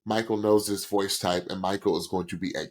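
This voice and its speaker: A man co-hosting a podcast, chatting casually and excitably as he reacts to singers, and sometimes demonstrating notes himself. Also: low-pitched, brisk. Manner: animated, excitable, demonstrates singing. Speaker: podcast co-host.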